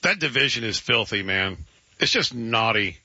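A man hosting sports talk radio, animated and jokey, slipping into playful quoted voices. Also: mid-range voice, normal speed, dry recording. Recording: dull dry lo-fi studio sound.

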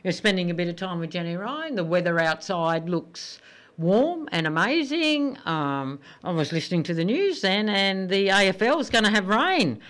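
A woman's voice: medium pitch, animated, moderate pace, fairly bright tone. A woman with an Australian accent hosting a radio show, chatting upbeat about sport and telling jokes. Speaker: radio host. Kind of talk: casual radio DJ chat.

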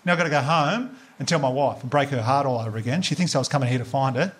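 An Australian man performing a stand-up comedy routine on stage, telling a story in a rapid, animated way with swearing. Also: fairly high pitch. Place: live venue with audience. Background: audience laughter.

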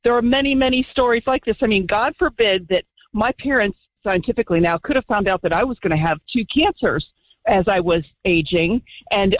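A woman's voice: fairly high pitch, expressive, normal speed, no echo. A woman calling in to a radio talk show. She speaks with passion and conviction, sharing her own story. Her voice comes through a tinny phone line. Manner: impassioned, personal testimony. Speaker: caller.

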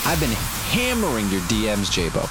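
A man's voice: fairly low pitch, huge pitch swings, normal speed, over loud music. A man hosting a morning radio show, upbeat and joking. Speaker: radio host. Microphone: studio mic.

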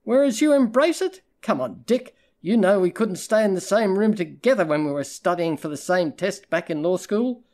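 Guy reading as a tough sarcastic lady detective, bit higher voice, audiobook. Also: lively intonation, moderate pace, few pauses, a little mellow. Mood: cutting. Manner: cutting, sarcastic. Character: sharp-tongued female private investigator.

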